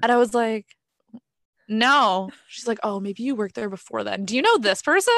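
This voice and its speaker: Podcast co-host, woman, lively storyteller, dry close mic. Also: fairly high pitch, moderate pace, creaky, dry recording. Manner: animated storyteller, acts out quoted dialogue. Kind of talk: casual chat.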